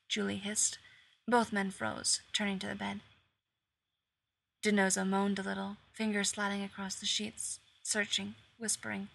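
Husky, bright woman reading a story. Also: medium pitch, moderate pace. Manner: expressive, voicing each character. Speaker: reader.

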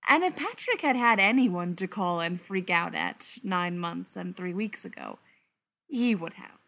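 Animated woman reading a story. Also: on the low side, measured pace, gravelly. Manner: expressive, animated narration. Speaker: narrator.

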